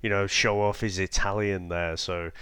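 A man talks through a film in a relaxed podcast chat, his voice low and resonant. He pauses on fillers and laughs easily. The sound is dry and close. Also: smooth, no room sound. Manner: laughs often, measured with many fillers. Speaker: podcast co-host. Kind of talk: casual film review chat.

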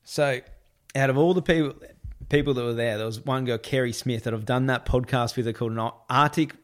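Telling a long, casual anecdote for a podcast, this man laughs frequently, imitates other people with a higher voice, and keeps throwing in "I'm like" asides. He speaks a little fast.

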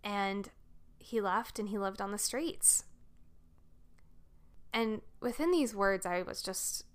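A woman's voice: mid-range voice, lively intonation, slow pace, clean tone. Chatty woman podcast host telling a story. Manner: chatty, frequent "like" fillers, earnest. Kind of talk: casual personal storytelling.

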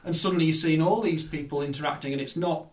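A man's voice: fairly high pitch, fast, a crowd in the background. A man in casual film discussion who rambles and hedges with "sort of".

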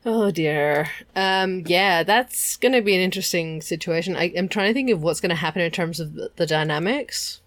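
A woman's voice: lowish voice, moderate pace, few pauses, a bit bright. Woman musing in casual chat. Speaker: co-host. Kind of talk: casual discussion.

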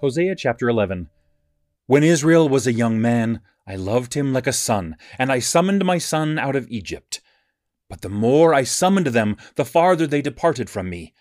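A man reads scripture aloud in an even, measured cadence, with a middle-pitched voice. The recording is dry and close, with no room sound around him. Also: no room sound. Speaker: scripture reader. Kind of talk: scripted Bible reading.

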